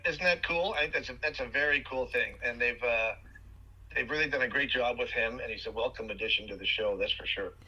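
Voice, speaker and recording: Bright, husky-voiced man telling stories. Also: mid-range voice, brisk, dull audio. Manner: animated storyteller, frequent fillers and restarts. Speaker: guest actor. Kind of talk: podcast interview, storytelling.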